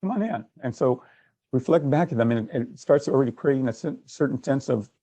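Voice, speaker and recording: Guy running a sales workshop, gravelly, kinda muffled sound. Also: mid-range voice, fairly quick, mellow, no echo. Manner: conversational, acts out little exchanges. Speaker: sales trainer and speaker. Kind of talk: workshop talk.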